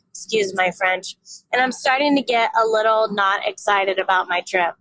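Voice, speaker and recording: A woman's voice: medium pitch, moderate pace, a bit bright, a little hiss or hum, poor audio. A woman in her thirties talking candidly and rambling in a casual personal vlog, swearing freely and poking fun at herself. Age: 30s. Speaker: vlogger.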